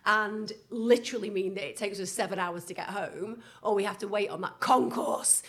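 A woman's voice: mid-range voice, fairly even intonation, normal speed, fairly bright tone. Female podcast co-host, chatty, wry, casual. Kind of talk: casual chat.

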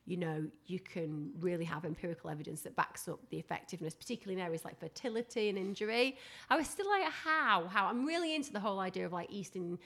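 A woman with a strong Northern English accent, co-hosting a casual podcast at home and telling stories with lively, acted-out asides. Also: fairly low pitch, racing, hardly any pauses. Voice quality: animated, acts out voices in her anecdotes. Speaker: podcast co-host. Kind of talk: casual chat. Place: home, dogs nearby.

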